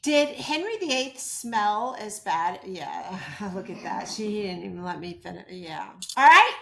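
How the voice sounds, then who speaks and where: A woman's voice: medium pitch, very animated, a little slow, creaky, bright, forceful tone, roomy sound. A woman running a casual tarot channeling session, asking spirits questions and reporting their answers. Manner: chatty, asks questions then reports answers.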